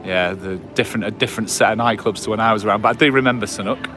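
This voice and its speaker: This English host in his forties races along in a lowish voice as soft music plays behind him. He's outdoors on a promenade at night, chatting loosely with livestream viewers through a gimbal-mounted phone, full of fillers and restarts.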